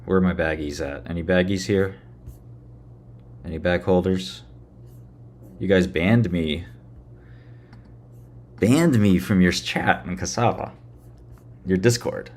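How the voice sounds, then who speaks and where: A man's voice: low voice, slow, pauses often, a little mellow. A man ranting sarcastically on a livestream, swearing and mocking his audience. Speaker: streamer.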